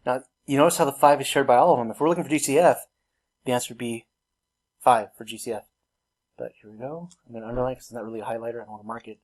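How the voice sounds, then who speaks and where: A man's voice: medium pitch, fairly even intonation, rapid-fire. A man teaching a recorded math lesson, talking through each step in a casual, self-teasing way. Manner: casual, self-deprecating, laughs at himself; talks through work step by step.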